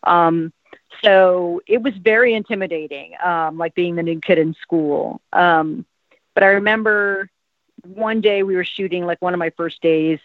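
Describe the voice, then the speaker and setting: A woman's voice: fairly low pitch, unhurried, dry recording. A woman in her fifties from South Jersey, an actress talking in a casual interview, rambling with lots of "like" and "um". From South Jersey, USA. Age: 50s. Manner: rambling, many "like" and "um" fillers. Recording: tinny, phone-like, dry sound.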